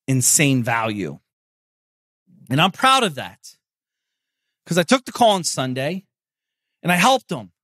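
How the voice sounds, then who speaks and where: A man hosting a podcast delivers a brash, swearing pep talk in a casual monologue. His voice sits a little high for a man. The sound is dry and close, with no room around it. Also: dry recording. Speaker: podcast host.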